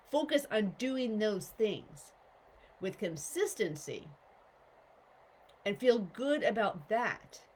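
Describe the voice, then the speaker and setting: A woman's voice: mid-range voice, a little hiss or hum, rough recording. Chatty woman coach with constant check-ins. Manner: conversational, often adds "okay?" and "right?". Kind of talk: casual motivational talk to viewers.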